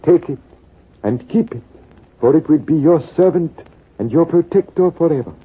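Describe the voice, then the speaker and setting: A wounded old stranger, as a man puts him on in a 1940s radio play, husky and raised high. His pleas are solemn and fatherly. The sound is thin and tinny, like an old radio broadcast. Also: moderate pace. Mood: pleading.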